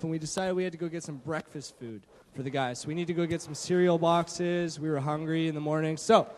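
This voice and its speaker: A man telling a mission trip story to a church gathering on a handheld mic, in a lively way with lots of fillers and restarts. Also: on the high side, in a large hall. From Canada. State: shaky from not eating. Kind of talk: church testimony talk. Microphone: handheld microphone.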